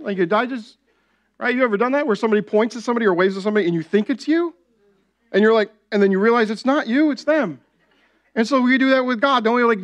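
A man's voice: very high voice, fast talker. A young adult man preaching a sermon as pastor, talking conversationally and often asking the congregation "right?".

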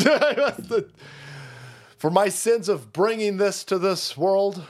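A man's voice: sits high, slow. A man hosting a livestream, ranting in a profane, mocking way and laughing often. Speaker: livestream host.

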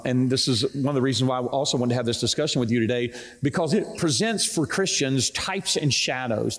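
A man's voice: mid-range voice, long reverb tail. A man hosting a Christian talk show, speaking in an encouraging, preacherly manner. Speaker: host.

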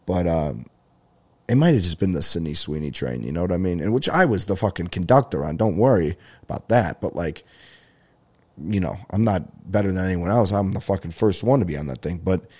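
A man's voice: low-pitched, animated, a little fast, a little mellow, slightly rough. A man hosting his own comedy podcast, chatting alone in an enthusiastic, rambling, profane way about his week. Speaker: stand-up comedian and podcast host. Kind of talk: casual solo podcast chat.

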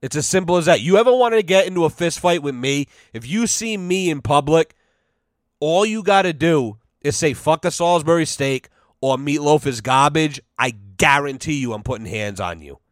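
Profane ranting podcast host, dry sound. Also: male voice, a little high, fairly bright tone, no room sound. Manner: profane, heated, mock-outraged rant. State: sweating from heat. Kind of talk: casual solo podcast rant.

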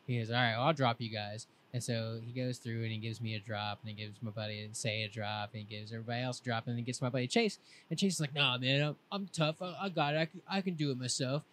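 A young man on a podcast, telling a long rambling story in a casual, laid-back way and quoting his friends in lively voices. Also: medium pitch, fast, few pauses, slight background noise. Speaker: podcast co-host.

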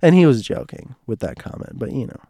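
A man with a hoarse, strained throat telling a personal story in a casual monologue, rambling and restarting, heartfelt with bits of joking. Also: mid-range voice, lively intonation, a little fast, dark tone, no echo, clean studio sound.

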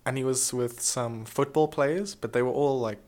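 A man's voice: mid-range voice, normal speed. Chatty male comedy podcast co-host. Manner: chatty, animated storytelling with playful impressions. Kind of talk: casual comedy podcast chat.

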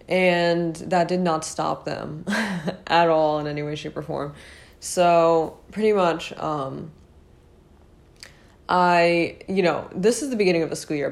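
Chatty young woman, slightly low voice. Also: vocal fry, a little mellow. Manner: chatty, rambling, full of fillers and asides to viewers. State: losing her voice. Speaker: vlogger telling a personal story. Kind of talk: casual storytime monologue.

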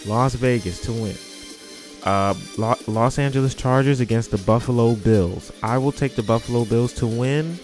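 A man's voice: medium pitch, moderate pace, a little mellow, faint music behind. A man hosting a casual podcast, who repeats words for emphasis. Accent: New York. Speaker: podcast host.

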